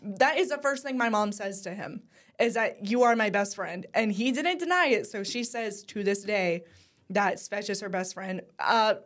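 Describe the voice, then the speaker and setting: A woman's voice: mid-range voice, normal speed, a bit bright. Chatty young woman co-hosting a talk show. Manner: chatty and enthusiastic, with frequent ums. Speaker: co-host at a news station. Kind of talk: casual chat.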